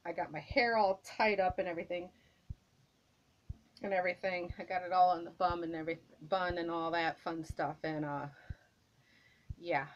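A woman's voice: on the low side, fairly even intonation, normal speed, long pauses, muffled recording, slight background noise. A woman vlogger chatting to camera at home, gushing and repeating herself, a little out of breath. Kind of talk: casual chat to camera. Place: at home, indoors.

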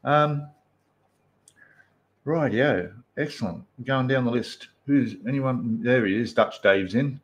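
A man's voice: medium pitch, takes it slowly. Chatty Australian man hosting a stream. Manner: chatty, greets viewers one by one. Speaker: live stream host. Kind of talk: casual live stream chat.

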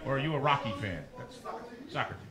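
A man performing a stand-up comedy set on a dive bar stage, doing quick crowd work and asides to the audience. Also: mid-range voice. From New Jersey. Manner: animated crowd work, rapid asides to hecklers. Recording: echoey bar with loud rowdy crowd.

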